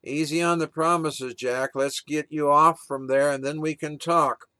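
A man voicing God as a calm, patient figure who speaks gently and reassuringly. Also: a little high, unhurried, no echo.

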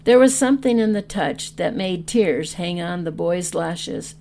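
A woman reading a tender story aloud, gently and unhurried. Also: lowish voice, lively intonation, creaky. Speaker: story reader.

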